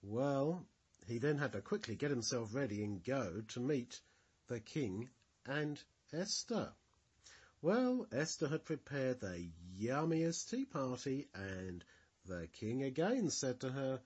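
A man telling a bible story to children in a gentle, expressive way. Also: medium pitch, slow pace, breathy edge, lo-fi sound.

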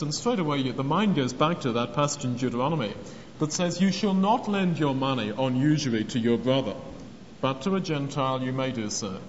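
A man's voice: medium pitch, expressive, brisk. A man preaching a sermon, earnest in tone and acting out the speakers he quotes. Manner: earnest, acts out quoted speech. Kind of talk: sermon on a parable. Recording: long hall reverb, dull lo-fi sound, faint noise.

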